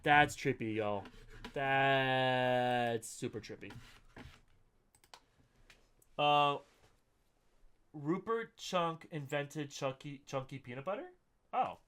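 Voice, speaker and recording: A man's voice: on the high side, big pitch swings, takes it slowly, fairly bright tone. A man hosting a podcast in casual chat, loose and chatty, swearing freely. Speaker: podcast host.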